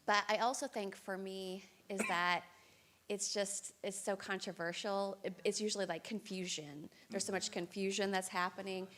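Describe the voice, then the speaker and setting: A woman's voice: mid-range voice, fairly even intonation, moderate pace, a bit bright, slight background noise. A woman, a hairdresser, sharing her thoughts in a church group discussion, thoughtful and a little hesitant. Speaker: hairdresser, class participant.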